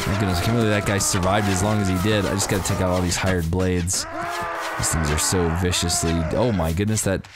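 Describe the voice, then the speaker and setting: Male gaming host, lowish voice, animated play-by-play, game music underneath. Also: fairly quick. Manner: animated, exclaims often. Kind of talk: excited gameplay commentary.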